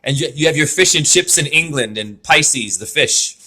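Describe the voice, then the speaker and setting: A man's voice: a little high, lively intonation, moderate pace, sharp tone. A man giving a spiritual name reading over a video call, talking in an effusive, rambling way full of wordplay.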